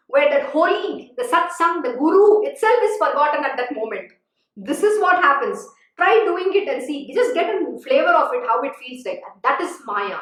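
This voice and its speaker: High-voiced woman preaching in echo. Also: fairly bright tone. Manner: emphatic, admonishing, repeats warnings. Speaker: spiritual teacher. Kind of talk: sermon-style scripture exposition. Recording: very echoey room.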